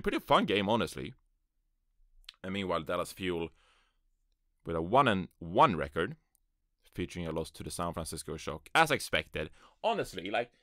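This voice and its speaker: This is a deep, fairly bright male voice on a dry, studio-quality recording. The host is running his first solo esports podcast out of a small closet on a USB microphone, talking loosely and casually with self-mocking asides.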